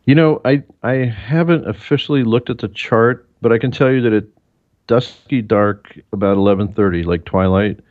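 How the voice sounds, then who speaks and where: A man, a broadcast engineer, chatting as an interview guest and telling relaxed stories that grow animated when he quotes people. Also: fairly low pitch, moderate pace, no echo. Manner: relaxed storyteller, animated when quoting others. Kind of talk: casual interview chat. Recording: tinny phone-line call.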